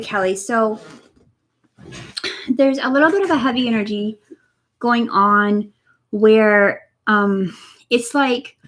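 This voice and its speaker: A young woman giving a spiritual energy reading on a live stream, talking softly and encouragingly to viewers by name from a room at home. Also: a little high. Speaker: energy reader. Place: home room next to her computer.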